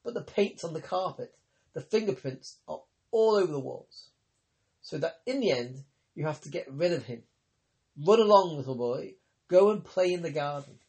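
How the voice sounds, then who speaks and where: A man voicing a grave, ironic young woman healer, speaking calmly and teasingly in an audiobook reading. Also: on the high side, normal speed. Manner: calm, teasing, persuasive.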